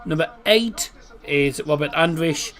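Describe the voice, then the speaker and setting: Hosting a laid-back live stream for a football match, a man chats with his audience and reads out lineups and viewer messages. He speaks at a measured pace in a somewhat bright voice that leans high.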